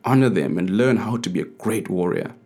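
A man voicing a stern, worried older king who pleads loudly with his son. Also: sits low, animated, a little fast. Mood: pleading.

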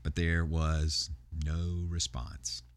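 Low-voiced man preaching a sermon. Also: level tone, extremely slow, no echo. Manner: conversational, with frequent fillers and restarts. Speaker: pastor. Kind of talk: sermon retelling a Bible story.

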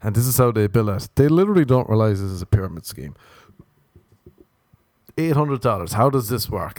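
Sardonic Irish man ranting, low voice. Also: lively intonation, a little fast, long pauses, a little mellow, no echo, clean studio sound. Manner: sardonic, profane, self-mocking. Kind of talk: comic rant.

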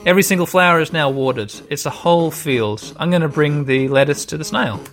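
A man's voice: fairly high pitch, fairly quick, a bit bright. Man, gamer, casual commentary, rambling, foul-mouthed, faint music behind. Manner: laid-back and rambling, swears freely. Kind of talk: casual let's-play commentary.

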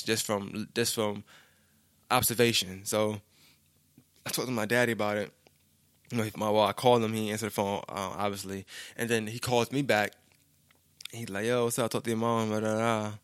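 A man's voice: on the low side, a bit bright, dry recording, studio quality. A young man, telling a personal story in a loose, rambling way and often saying "you know what I'm saying". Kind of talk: casual storytelling monologue.

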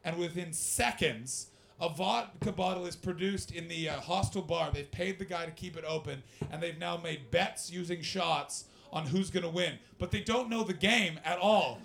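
A man's voice: a little high, moderate pace, gravelly. A young Canadian man doing stand-up, telling loose, profane stories and chatting with the crowd. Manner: loose, profane, animated storytelling. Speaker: stand-up comedian. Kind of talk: stand-up crowd work and storytelling.

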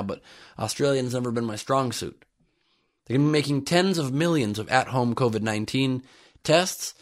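A man hosting his own comedy podcast, talking at an average pitch. He riffs sarcastically on the week's news and pitches his extras in a loose, joking way. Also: normal speed. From United States. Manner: sarcastic, jokey riffing on the news. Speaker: podcast host.

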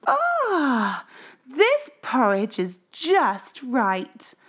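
A woman's voice: sits high, huge pitch swings, extremely slow, a bit bright, slight background noise, pitched above the performer's own voice, full character voice. A woman voicing a fussy little girl in a children's storybook reading, drawing out her complaints.

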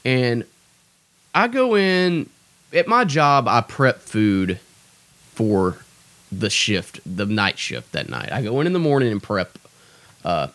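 A young man, a stand-up comedian, rants casually on his podcast, swearing, exasperated and running himself down. The voice is medium in pitch with a fairly bright tone and no echo.

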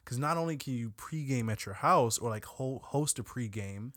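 A man's voice: mid-range voice, animated, normal speed, a bit bright, no echo, clean studio sound. A man co-hosting a podcast, talking in brash, crude, joking casual chat. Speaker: podcast co-host.

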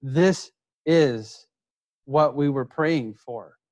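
Emphatic preacher man, slow deliberate delivery. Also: darkish tone. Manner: emphatic, repeats key words, drops low for quoted lines. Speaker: pastor. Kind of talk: sermon.

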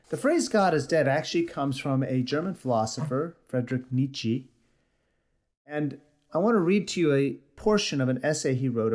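A man's voice: mid-range voice, darkish tone. A man preaching a sermon, reading scripture aloud and earnestly expounding it.

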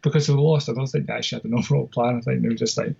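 A man's voice: medium pitch, fairly even intonation, rapid-fire, gravelly, a little mellow, husky, dull audio. A Scottish man co-hosting a podcast, rambling through his opinions in a casual, self-deprecating way. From Scotland. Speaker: podcast co-host.

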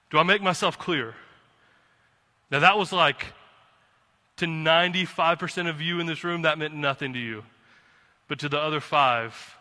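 A man preaching a sermon as pastor from the pulpit, impassioned, swinging from quiet to fired-up. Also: a little high, expressive, moderate pace. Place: church sanctuary. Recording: long reverb of a hall.

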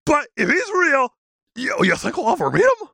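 A man voicing an excitable, gullible male Sasquatch who blurts out gasping exclamations in a comedy podcast bit. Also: extremely high pitch, normal speed, creaky, no echo, studio quality, voice pushed up, full character voice. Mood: excited.

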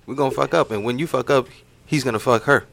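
A man on a podcast panel, speaking in a measured, matter-of-fact way in casual chat. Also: medium pitch, creaky, fairly bright tone.

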